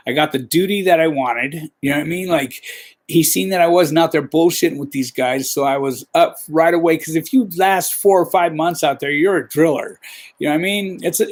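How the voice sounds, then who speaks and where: A man hosting a podcast, telling a rambling, profane work story in casual talk. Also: fairly high pitch. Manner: profane, rambling, peppers with "you know". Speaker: podcast host.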